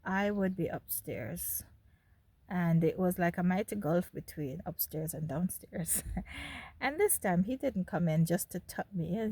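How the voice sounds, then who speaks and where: A woman's voice: fairly low pitch, unhurried, warm tone, no echo. A woman from Jamaica with a Jamaican accent, telling her own story in a candid monologue to her viewers and laughing between remarks. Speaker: host.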